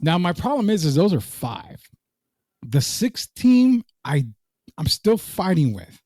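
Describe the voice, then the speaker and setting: A man's voice: high-pitched, sing-song, slow pace, mellow, dry recording. Casual man, dry close sound. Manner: loose, joking, reads live comments aloud. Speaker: podcast co-host. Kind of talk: casual sports podcast chat.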